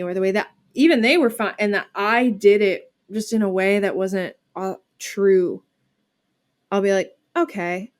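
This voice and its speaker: A woman comedian talks casually as a guest in an interview. Her speech rambles with fillers and false starts, at a middle pitch for a woman. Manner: chatty, many "like" fillers and restarts.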